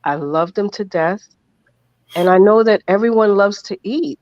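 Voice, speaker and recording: A man's voice: sits high, normal speed, a little mellow, no echo. An earnest man speaks as a podcast guest, heartfelt and emphatic, repeating key phrases. His audio is dry with no room sound and comes through dull and lo-fi. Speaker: interview guest. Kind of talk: emotional podcast interview.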